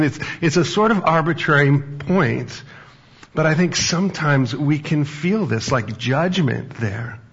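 Gravelly-voiced man preaching. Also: mid-range voice, fairly bright tone, highs cut off. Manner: conversational preaching with anecdotes and fillers. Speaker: pastor. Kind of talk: sermon.

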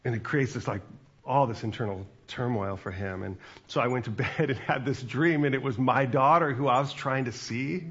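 Gravelly-voiced man preaching casually. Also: mid-range voice, normal speed, fairly bright tone, highs cut off. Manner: conversational, chatty with asides to the congregation. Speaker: pastor. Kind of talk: sermon.

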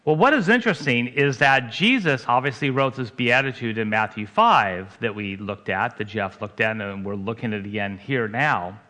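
A man's voice: mid-range voice, normal speed, few pauses, bright, forceful tone. A man, a pastor, preaching a sermon in a conversational way, asking his congregation questions.

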